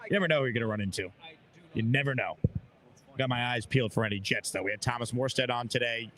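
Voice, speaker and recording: A man's voice: medium pitch, fast talker, fairly bright tone. A man hosting a live sports radio call-in show, talking in an upbeat, chatty way from a busy radio row.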